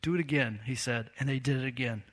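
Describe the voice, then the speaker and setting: A man's voice: medium pitch, fast talker. A man preaching a sermon in a conversational, storytelling way, acting out the quotes he tells.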